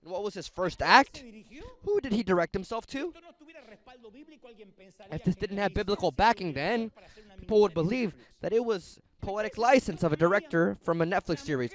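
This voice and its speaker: A middle-aged man preaching a sermon in an animated, conversational storytelling manner, talking straight to his audience. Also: high voice, moderate pace.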